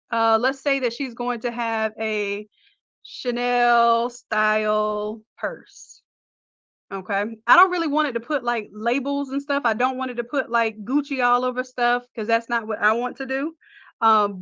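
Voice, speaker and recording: A woman's voice: a little high, bright, forceful tone, dry recording, lo-fi sound. A woman hosting a casual livestream, chatting and teasing as she walks through a design tutorial. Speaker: host.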